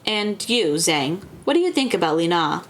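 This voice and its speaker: A woman's voice: lowish voice, big pitch swings, normal speed. A woman voicing a taunting male orc game-show host with smug, teasing patter.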